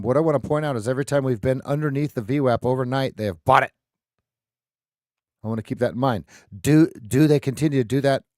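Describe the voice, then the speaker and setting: A man's voice: mid-range voice, darkish tone, no room sound, clean studio sound. Man calling live market levels. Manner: repetitive, thinks aloud with restarts. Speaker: trading stream host.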